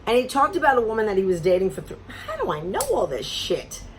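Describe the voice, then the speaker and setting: Animated, sarcastic middle-aged woman. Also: mid-range voice, fast, slight background noise. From Florida. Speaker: vlogger. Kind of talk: casual storytelling rant.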